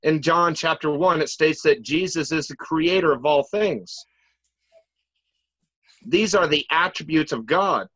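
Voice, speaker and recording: A male debater laying out a measured, step-by-step argument. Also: on the high side, a bit bright, no echo, poor audio.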